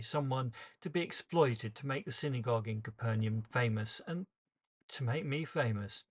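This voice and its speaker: A man performing an emotional first-person dramatic monologue as storyteller, earnest and shifting pace with the tension. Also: medium pitch.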